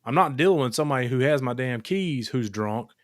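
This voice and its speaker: A podcast host with an expressive, mid-range voice tells a story in casual chat, speaking fairly quickly with blunt, profane language and plenty of fillers. The podcast microphone gives a clean studio sound without echo.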